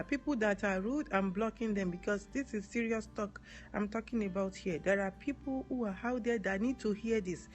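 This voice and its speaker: A woman from Nigeria with a Nigerian accent, talking earnestly on a live stream, repeating key words and spelling some out. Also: medium pitch. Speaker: advocate live-streaming to viewers. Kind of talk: live-stream talk answering comments.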